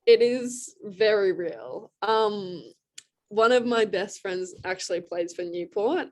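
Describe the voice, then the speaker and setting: A young woman, a college lacrosse player with an Australian accent, is a guest on a casual video call interview. Her mid-range voice is expressive and a little mellow, moving at a slow pace. She chats loosely, laughing often and dropping in plenty of "like."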